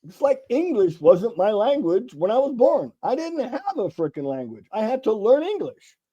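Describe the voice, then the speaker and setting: A middle-aged man from California chats as an interview guest, animated and a little profane as he acts out the people in his anecdotes. His voice sits a touch high yet sounds mellow and relaxed. The recording is somewhat dull and lo-fi. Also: normal speed, slightly rough. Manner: animated storyteller acting out dialogue, casual swearing. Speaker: guest sales author. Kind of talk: conversational interview storytelling.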